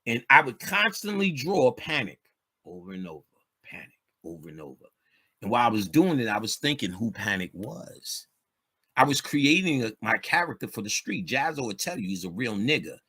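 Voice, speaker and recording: A man's voice: medium pitch, very animated, moderate pace, bright, forceful tone, breathy edge. A man, telling street stories in a loose, streetwise way with plenty of swearing. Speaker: podcast guest speaker. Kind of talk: casual storytelling chat.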